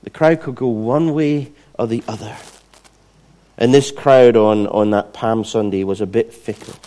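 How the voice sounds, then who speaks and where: A man preaching a sermon, retelling scripture stories in an animated way with playful asides. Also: medium pitch, unhurried. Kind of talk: sermon storytelling.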